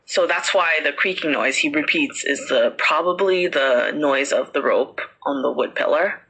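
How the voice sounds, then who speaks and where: A woman's voice: deep voice, moderate pace, a bit bright, slightly rough, rough recording. A woman podcast host casually telling a ghost story, chatty with many fillers.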